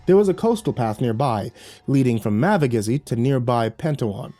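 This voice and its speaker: Dark-toned man narrating a horror story. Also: medium pitch, expressive. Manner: measured storytelling.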